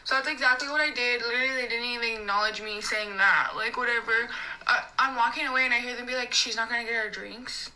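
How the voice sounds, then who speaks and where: A young woman working as a server, telling a ranting story in an animated way, full of fillers and swearing. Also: on the high side, fast, rough recording. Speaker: restaurant server.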